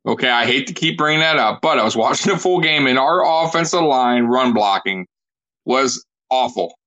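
A man's voice: medium pitch, animated, moderate pace, bright, forceful tone, low-quality recording. A man hosting a casual sports chat, blunt and emphatic, often saying "bro". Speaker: podcast host.

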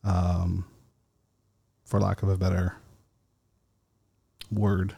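A man hosting a casual solo podcast, talking slowly and haltingly with many fillers, still foggy after an edible. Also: deep voice, level tone, gravelly, dark tone. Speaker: podcast host.

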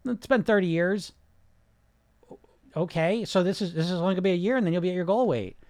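A man hosting a podcast as a weight loss coach, talking bluntly with swearing and rapid rhetorical questions. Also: sits high, lively intonation, a little mellow, no echo. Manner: mocks listeners with put-on whiny voices. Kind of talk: casual podcast monologue.

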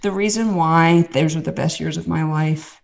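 Low-voiced woman telling her story. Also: normal speed, creaky. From Southern United States. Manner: animated storyteller, many restarts and asides. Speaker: podcast guest. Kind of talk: candid personal testimony.

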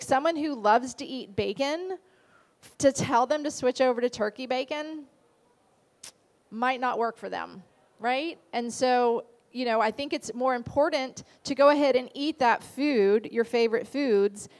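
A woman dietitian teaching a class in a casual, conversational way, often asking the audience rhetorical questions. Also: on the high side.

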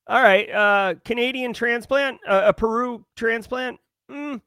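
A man's voice: very high-pitched, unhurried, pushed and bright, smooth, dry recording. A man hosting a daily livestream in casual, upbeat chat, greeting viewers by name. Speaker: livestream host.

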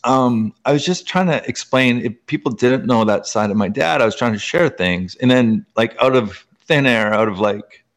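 A man from Canada, a guest author, telling personal stories in casual conversation, animated and full of "like" fillers. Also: normal speed, hardly any pauses. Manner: animated, pitch jumping up in excitement; heavy use of "like" as filler.

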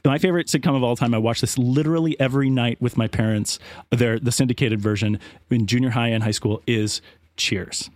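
A middle-aged man hosts a casual podcast chat over a video call, stopping and restarting his sentences often. His voice sits at a medium pitch. The sound is dry and close. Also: steady tone, dry recording. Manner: halting, many restarts and fillers. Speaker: podcast host.

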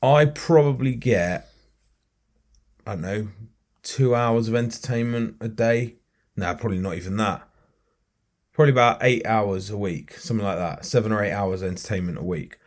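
Rambling podcast co-host. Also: male voice, on the low side, normal speed. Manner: rambling, restarts often. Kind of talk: casual chat.

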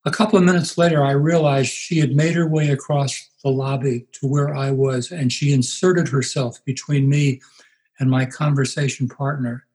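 A man in his eighties, a pastor being interviewed, telling stories in an unhurried way and acting out the voices he quotes. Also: mid-range voice, fairly even intonation, darkish tone, low-quality recording. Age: 80s. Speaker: pastor and guest. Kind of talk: reflective storytelling interview.

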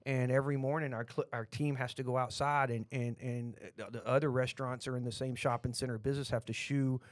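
A man's voice: medium pitch, flat delivery, fast talker, no echo. A middle-aged man with a Texan accent, talking bluntly in a rambling, opinionated podcast chat full of restarts.

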